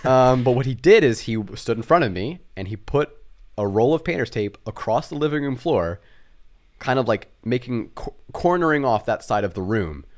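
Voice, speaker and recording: A young man co-hosting a podcast, telling a childhood story in a casual, animated, self-mocking way. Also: mid-range voice, normal speed. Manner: animated, self-mocking storyteller who acts out family voices. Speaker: podcast co-host.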